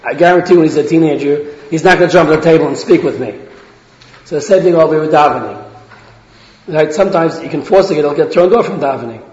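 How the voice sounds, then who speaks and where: Man, religious lecturer, slightly high voice, earnest, roomy hall, muffled lo-fi recording. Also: quick pace, a little mellow. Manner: earnest, repeats and restarts phrases, acts out quoted speech. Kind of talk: talk on parenting to an audience. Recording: roomy hall, dull lo-fi sound.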